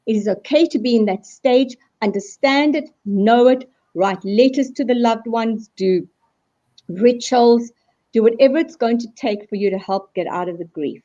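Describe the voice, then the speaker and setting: A woman speaking as a guest in a live video call discussion, animated and acting out quoted voices as she explains. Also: fairly high pitch, normal speed. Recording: dull lo-fi video call audio.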